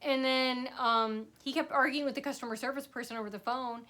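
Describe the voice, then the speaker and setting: A woman's voice: high voice, steady tone, fairly quick, sharp tone. A woman telling a rambling personal story to camera, sarcastic and full of fillers and asides. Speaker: vlogger.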